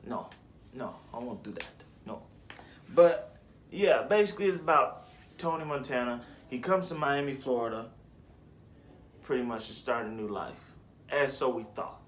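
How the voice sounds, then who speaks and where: A man's voice: medium pitch, expressive, normal speed, pauses often, a little hiss or hum. Rambling young man chatting casually. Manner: rambling, slangy, restarts and self-corrections. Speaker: vlogger. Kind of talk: casual movie list chat.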